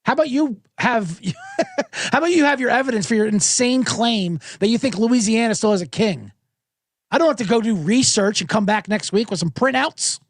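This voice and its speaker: Middle-aged male host, high lively ranting voice, sarcastic comic monologue, dry close sound. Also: normal speed, dry recording. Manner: sarcastic, animated, swears freely. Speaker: podcast host. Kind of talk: ranting comedic podcast monologue.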